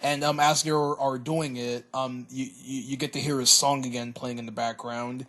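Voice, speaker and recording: A man giving a casual cartoon episode review, hesitant, often repeating words and filling pauses. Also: medium pitch, flat delivery, fairly bright tone. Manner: hesitant, stammers and repeats words, many fillers.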